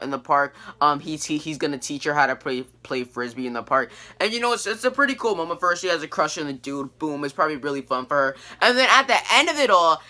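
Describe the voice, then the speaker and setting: Bright-voiced and on the high side, a teen boy reviewing TV rambles through a casual recap full of fillers and restarts, quoting lines with animation.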